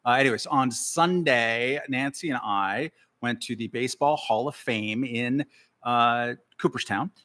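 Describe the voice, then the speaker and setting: An American man co-hosting a live show in casual chat, halting and playful with many fillers. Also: mid-range voice, bright, forceful tone. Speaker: podcast co-host.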